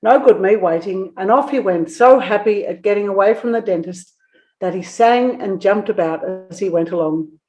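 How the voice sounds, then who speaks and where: A woman narrating a children's book in an expressive storytelling manner. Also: mid-range voice, normal speed, dull audio, faint music behind.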